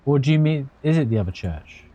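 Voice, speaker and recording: A man's voice: mid-range voice, lively intonation, quick pace, muffled recording. A man streaming a game, casually commenting with sarcastic jokes and swearing.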